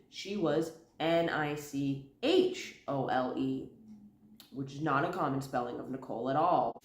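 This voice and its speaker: Sick lady w a cough drop, low voice, fast chatty book vlog, roomy echo. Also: darkish tone. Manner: quick, chatty, rattles off lists with filler ums. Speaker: book commentary vlogger. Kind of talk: casual video essay. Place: indoor room at home. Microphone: camera in front of her. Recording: echoey room.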